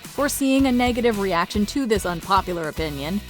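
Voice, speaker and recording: A woman's voice: medium pitch, animated, fairly quick. A woman reading scripted voice-over narration for a countdown video, upbeat and playful. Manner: upbeat, playful list-show delivery. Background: faint music.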